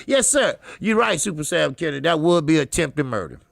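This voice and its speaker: A man hosting a live boxing talk stream, loud and profane, laughing often and calling out greetings to chatters. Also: a little high, very animated, brisk, vocal fry, no echo, studio quality. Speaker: boxing talk show host.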